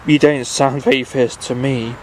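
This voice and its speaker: A man reading aloud and voicing a brave, kindly little traveller who asks questions in an inquisitive, gently coaxing way. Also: medium pitch, steady tone, moderate pace, a little hiss or hum, lightly acted, low-quality recording. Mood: curious.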